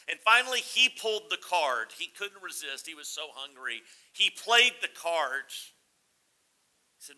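A man's voice: sits high, lively intonation, measured pace, bright, forceful tone, low-quality recording. A man in his forties preaching a sermon in a conversational, humorous storytelling manner. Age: 40s. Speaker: pastor.

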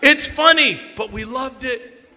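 A man, telling funny youth ministry stories in an animated sermon talk. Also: very high voice, measured pace. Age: 50s. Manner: animated storytelling, jokes with the audience. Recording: long hall reverb.

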